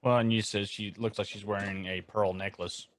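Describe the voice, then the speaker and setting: A man's voice: lowish voice, flat delivery, moderate pace. A man co-hosting a casual podcast, dropping dry joking asides. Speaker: podcast co-host. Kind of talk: casual chat.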